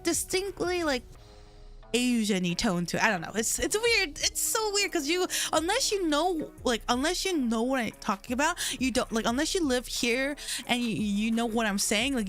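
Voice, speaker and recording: A woman's voice: fairly high pitch, fairly bright tone. A young woman livestreaming from home, chatting casually with her chat in a rambling way, full of "like" fillers, into a desk mic.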